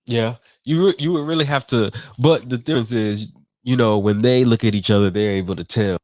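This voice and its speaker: A man's voice: mid-range voice, fairly quick, darkish tone. A man co-hosting a casual podcast chat, easygoing and agreeable, teasing his partner with questions. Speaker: podcast co-host.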